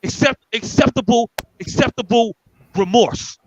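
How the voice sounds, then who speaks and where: A man's voice: very high-pitched, expressive, moderate pace, no room sound, muffled recording. A man co-hosting a podcast, ranting angrily and profanely with lots of repetition. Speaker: podcast co-host. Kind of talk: heated podcast rant.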